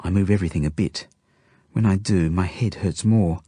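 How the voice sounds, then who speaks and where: A man reading a children's novel aloud in first person, with steady, intimate delivery. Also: deep voice, normal speed, slightly rough, dry recording, clean studio sound. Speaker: audiobook narrator. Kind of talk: first-person storybook narration.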